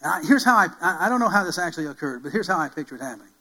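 A man's voice: fairly high pitch, lively intonation, rapid-fire, rough recording. A man preaching a sermon as pastor, asking the congregation questions and repeating key phrases with rising force. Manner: emphatic, repeats key phrases, builds to loud calls.

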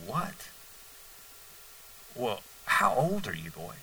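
A preacher playing a blunt, puzzled temple teacher. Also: male voice, fairly low pitch, wildly swooping pitch, takes it slowly, sharp tone, far from the mic, slight background noise, pitched below the performer's own voice, heavily acted, poor audio. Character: puzzled older male religious teacher.

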